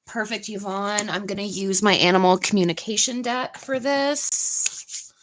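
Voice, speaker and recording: A woman hosting a live tarot stream, giving card readings in a soft, unhurried way with many pauses and fillers. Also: medium pitch, a little hiss or hum, poor audio. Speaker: tarot reader and channel host.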